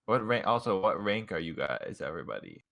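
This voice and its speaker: A man's voice: sits low, sing-song, brisk, gravelly, fairly bright tone. A young man running a tabletop game as game master, loose and chatty, often laughing.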